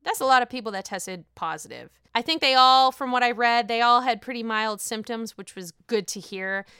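A woman giving casual, blunt commentary, full of swearing and animated outbursts. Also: on the high side, moderate pace, clean tone, no echo, clean studio sound. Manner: blunt, profane, animated rant.

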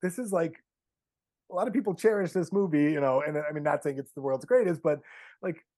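A man's voice: on the high side, fairly quick, darkish tone, no echo. A man talking as a podcast guest in a rambling, casual way, full of "like" and "you know". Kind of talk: casual chat.

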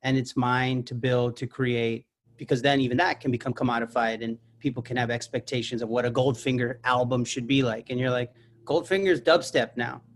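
A man's voice: medium pitch, level tone, fairly quick, few pauses. A man in his thirties, an actor and musician, talking as a guest in a casual podcast chat, reflective and earnest as he builds long thoughts. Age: 30s.

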